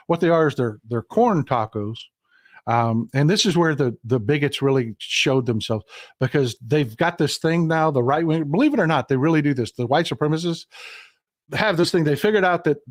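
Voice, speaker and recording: A man's voice: medium pitch, no echo, clean studio sound. A middle-aged man from Texas hosting a casual political livestream, telling stories in a folksy, hot-tempered way and calling his viewers folks. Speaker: livestream host.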